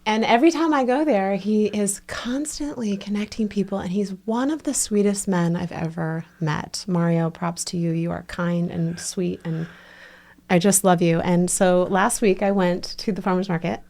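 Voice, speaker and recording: A woman's voice: mid-range voice, steady tone, moderate pace, a little mellow. A woman hosting a podcast in casual chat, effusive and chatty, often restarting her sentences. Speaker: podcast host.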